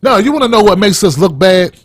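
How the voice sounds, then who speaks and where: A man's voice: high-pitched, animated, quick pace, background noise. Fired-up man ranting with heavy cursing. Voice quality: blunt, heated, heavy cursing. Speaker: podcast host. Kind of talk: profane opinion rant.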